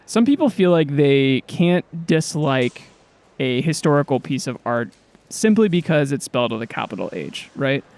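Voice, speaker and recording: A man's voice: mid-range voice, big pitch swings, moderate pace, a little mellow, dry recording. A man co-hosting a podcast in casual, partly scripted banter, irreverent and joking, with the odd swear word. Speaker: podcast co-host.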